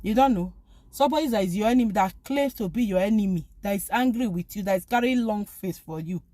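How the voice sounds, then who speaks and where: A woman's voice: mid-range voice, fast, warm tone, no room sound. A woman giving an informal spoken talk urging forgiveness, pleading and emphatic, often repeating phrases. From lives abroad, from back home elsewhere. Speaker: faith vlogger.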